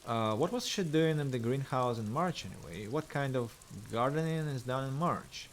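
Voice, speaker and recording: A man's voice: medium pitch, lively intonation, normal speed, a little hiss or hum. A man streaming a game, a native Russian speaker reading its dialogue aloud in English with hesitant fillers.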